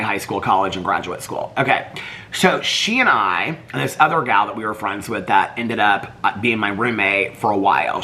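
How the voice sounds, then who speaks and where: A man's voice: on the low side, pushed and bright, a little hiss or hum. An older man vlogging in casual chat, rambling and laughing, a little congested from allergies. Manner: chatty, rambling, often breaks into singing and laughter.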